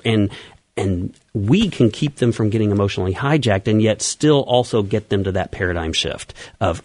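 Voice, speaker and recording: Eager low-voiced man on the radio. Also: a little fast, darkish tone, no echo. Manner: eager, explanatory. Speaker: event organizer and coach. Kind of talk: radio interview guest.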